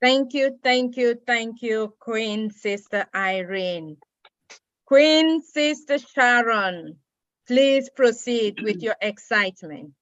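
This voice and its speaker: A woman's voice: a little high, takes it slowly, no echo, dull audio. A woman moderating an online call, handing the floor to speakers with formal courtesy.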